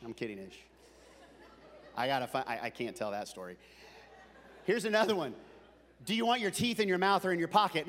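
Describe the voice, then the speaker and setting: A male pastor tells a comic story in a fairly high voice, swinging from quiet asides to loud, excited outbursts. His voice rings out through a large church sanctuary with a long echo. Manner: animated, comic, ramps up to shouting. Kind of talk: storytelling sermon.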